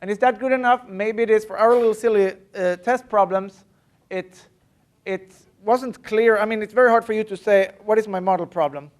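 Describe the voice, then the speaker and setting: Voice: medium pitch, normal speed. A university math lecturer giving a live classroom lecture, talking casually with many fillers and restarts and stressing the key points. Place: lecture hall.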